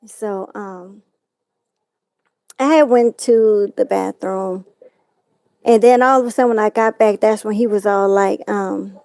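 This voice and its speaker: A woman's voice: mid-range voice, steady tone, measured pace, vocal fry, pauses often, mellow, smooth, no room sound. A woman telling a distressing personal story as a talk-show guest, acting out what others said.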